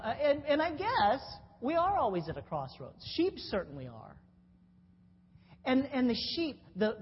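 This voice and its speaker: Lively woman preaching in an echoing hall. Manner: animated storytelling, with restarts and sudden pitch jumps. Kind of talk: sermon. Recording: dull sound in a long-reverb hall with faint noise.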